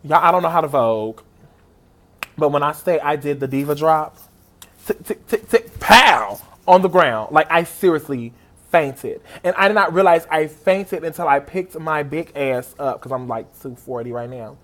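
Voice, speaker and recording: A man telling an excited personal story on his vlog, gushing and animated and speaking straight to his viewers. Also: normal speed. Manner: animated and gushing, big pitch swings, talks straight to viewers. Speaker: vlogger.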